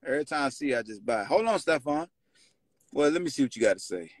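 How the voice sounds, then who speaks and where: A man hosting a sports podcast with a Virginia accent, taunting and shouting at players in casual trash talk. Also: mid-range voice, fast talker, no room sound, low-quality recording. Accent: Virginia (757 area). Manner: loud, taunting, animated, shouts and laughs. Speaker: podcast host.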